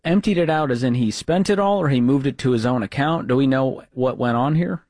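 Male talk radio host: direct, steady, reassuring with callers, close dry studio mic. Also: medium pitch, a little fast, no echo. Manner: direct, reassuring, recaps the story.

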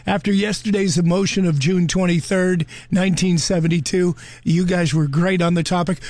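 A man's voice: high voice, a little mellow, no room sound. A man hosting a morning radio show, talking in a loose, chatty way with frequent fillers and asides. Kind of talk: casual radio chat. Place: radio studio. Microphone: studio microphone.

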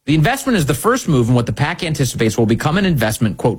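Emphatic husky man on a monologue. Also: mid-range voice, big pitch swings, quick pace, hardly any pauses. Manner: sarcastic, indignant, emphatic. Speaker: political commentary host. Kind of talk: opinion monologue.

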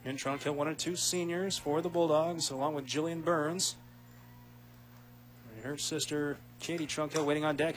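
A man doing play-by-play radio commentary of a softball game, quick and rising with big plays. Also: on the high side, steady tone, faint music behind. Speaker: play-by-play announcer.

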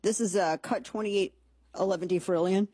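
A woman's voice: medium pitch, fairly even intonation, moderate pace, dark tone, slightly rough, no echo. A woman hosting a commentary show, talking in a chatty, sarcastic, rambling way with lots of asides. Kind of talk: casual monologue commentary.

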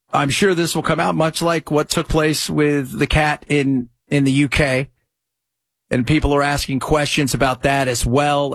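A male talk radio host with a husky voice, chatting in a rambling, animated way and reading ads quickly. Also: on the high side, no echo, studio quality. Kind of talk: casual talk radio commentary.

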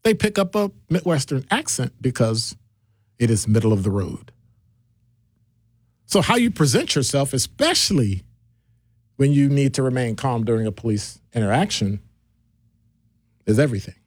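Man voicing a radio talk host: lively, slightly high delivery, bouncing between topics, close dry mic. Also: moderate pace, long pauses, no room sound. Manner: animated, jumps between topics, playful asides.

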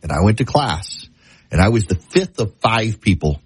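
Man, talk radio monologue, deliberate, emphatic, slightly raspy. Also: on the low side, big pitch swings, dry recording. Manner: deliberate storyteller, emphatic and repetitive. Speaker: talk show host.

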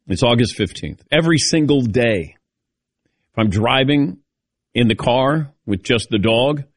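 A man's voice: mid-range voice, husky, dry recording, clean studio sound. A middle-aged man hosting a call-in radio show, chatting casually in a rambling, self-deprecating way.

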